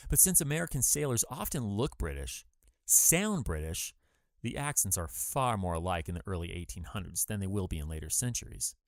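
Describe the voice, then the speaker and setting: A man's voice: medium pitch, a little mellow, no echo, clean studio sound. A man hosting a podcast, giving scripted history narration with wry asides and emphatic delivery. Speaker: podcast host.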